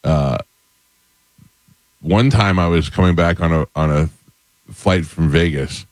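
A middle-aged man hosting a talk show, telling funny stories in an animated, chatty way and acting out the quotes. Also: low voice, takes it slowly, no echo. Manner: animated storyteller, acts out quotes. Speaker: radio show host. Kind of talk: casual storytelling chat.

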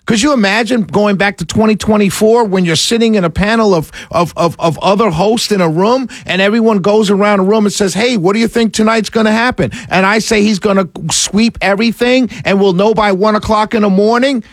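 Male talk radio host, high voice, dry close mic, fired-up rhetorical monologue. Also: a little fast, few pauses, no echo. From New York City. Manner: animated, exasperated, rhetorical.

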